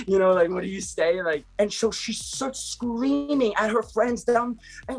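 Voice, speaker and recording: A man in a casual video-call interview, chatting in an animated way, full of fillers and slang. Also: high-pitched, fairly quick. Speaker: actor interviewed about his career.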